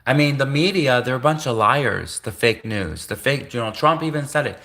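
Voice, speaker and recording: A man hosting a live stream in a bright, forceful voice. He rambles and repeats himself in a conspiratorial tone. He keeps cutting himself off mid-sentence to correct himself. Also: medium pitch, animated, normal speed. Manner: rambling, repetitive, conspiratorial, self-interrupting. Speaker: livestream host.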